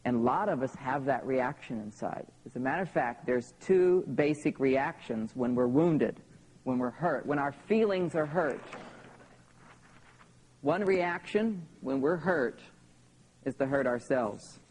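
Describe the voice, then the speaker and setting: A man's voice: mid-range voice, lively intonation, a little slow, darkish tone, poor audio. A man in his thirties tells personal stories in a live seminar talk to an audience, often checking in with "okay?". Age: 30s. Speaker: seminar speaker.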